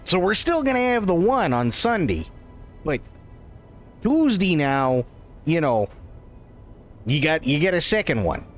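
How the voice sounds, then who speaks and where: A man's voice: a little high, big pitch swings, measured pace, long pauses, soft background music. A man streaming a role-play game, rambling through jokes with frequent laughter and casual swearing.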